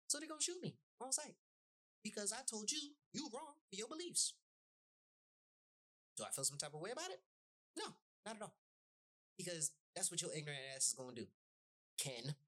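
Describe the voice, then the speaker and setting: A woman's voice: fairly low pitch, sharp tone, slightly rough. A woman hosting a podcast, ranting in a heated, blunt way with heavy swearing and emphatic repetition. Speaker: podcast host. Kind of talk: profane podcast rant.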